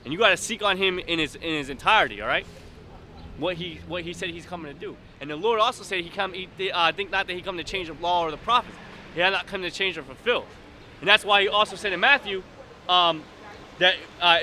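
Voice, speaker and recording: A man preaching outdoors on a street in rough, blunt vernacular, hammering his points with emphasis. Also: sits high, brisk, pushed and bright, a little hiss or hum.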